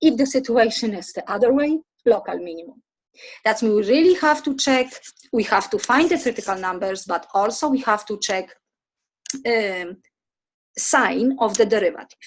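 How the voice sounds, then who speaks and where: Woman math lecturer, high husky voice, step-by-step, asks students questions. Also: animated, normal speed, rough recording. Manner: talks through steps, asks students questions. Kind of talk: recorded lecture over slides.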